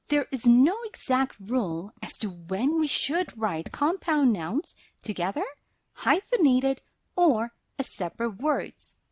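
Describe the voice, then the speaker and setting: A woman narrating a scripted grammar lesson, explaining slowly and deliberately and reading out example sentences. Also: fairly high pitch, no room sound. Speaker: English teacher.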